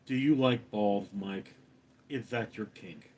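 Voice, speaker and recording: A man hosting a casual livestream, reading chat comments aloud and answering with deadpan, sarcastic replies. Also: lowish voice, slow, breathy edge.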